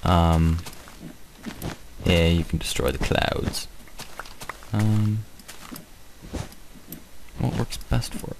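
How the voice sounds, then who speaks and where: A man giving casual, hesitant commentary while showing a game mod, with many pauses and fillers. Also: low-pitched, gravelly, noisy background. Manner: hesitant, many ums, rambling.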